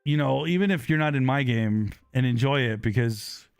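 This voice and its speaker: Guy streaming a game live, mid-pitch voice, gets loud and excited, close dry mic, faint music behind. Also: moderate pace, creaky, clear, resonant tone, no echo. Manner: excitable, loud exclamations and apologetic laughs. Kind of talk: live gaming stream chat. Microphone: close desk microphone.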